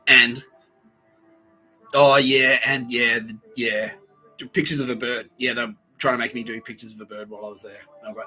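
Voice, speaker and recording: A man hosting a podcast, rambling through a profane comedic monologue. His voice is very bright and cutting, and faint music plays underneath. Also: medium pitch, fast, long pauses, rough recording. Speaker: podcast host.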